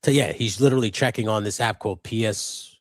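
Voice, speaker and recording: A man with a fairly low voice tells a long, animated story, swearing freely as he goes. It is relaxed, casual live-stream chat. The sound is dry and close, with no room echo. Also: fast talker. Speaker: co-host of a live customizing stream.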